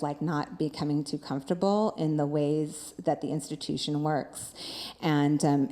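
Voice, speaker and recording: A woman dance scholar speaking on a panel, reflective and halting, thinking aloud with many fillers. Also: sits low, warm tone. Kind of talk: panel discussion.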